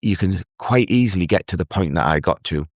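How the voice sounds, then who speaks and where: An earnest man telling his own story as a guest in an interview, halting and restarting as he speaks. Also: low voice, lively intonation, no echo, clean studio sound. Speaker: guest, mental health advocate. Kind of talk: emotional personal story in an interview.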